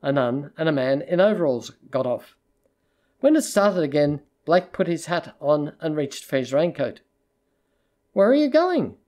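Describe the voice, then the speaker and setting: A narrator reading a literary short story aloud in a measured, steady storytelling manner. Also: mid-range voice.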